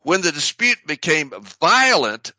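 Bright, forceful man teaching scripture. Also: a little high, very animated, no echo, poor audio. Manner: explanatory, pausing to unpack Greek words; conversational, with fillers and restarts. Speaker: Bible teacher. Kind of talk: verse-by-verse Bible study teaching.

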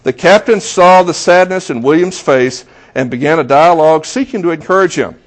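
Man, storyteller, conversational, slightly high voice, fillers and restarts. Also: normal speed. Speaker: storyteller speaking to a group. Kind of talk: interactive storytelling talk.

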